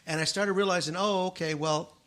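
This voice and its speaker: A middle-aged man hosting a podcast, chatting casually and bringing his stories alive by acting out the people in them. His voice sits a little high for a man. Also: a little fast. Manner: animated, acts out quoted voices in his stories. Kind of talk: casual storytelling chat.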